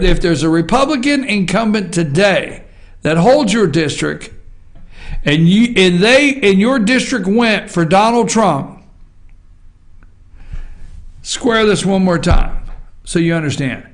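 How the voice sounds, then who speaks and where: A man hosting a political opinion show, ranting emphatically in an impassioned monologue with repeated refrains. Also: high voice. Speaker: talk show host.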